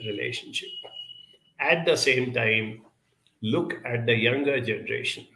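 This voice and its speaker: Man, gravelly, bright tone, measured advice talk, answers audience questions, frequent pauses, echoey room. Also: medium pitch.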